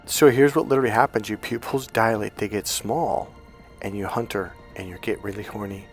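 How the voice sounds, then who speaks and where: Speaking fairly quickly over faint background music, a man who coaches on dating spins a relaxed, energetic story. He swears a lot and acts out others' voices with dramatic pitch jumps.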